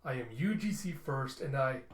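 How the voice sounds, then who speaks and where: A man's voice: mid-range voice, lively intonation, moderate pace, roomy sound, natural voice. A man voicing a defiant woman soldier captain. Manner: clipped, defiant. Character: hardened young woman soldier captain, tense.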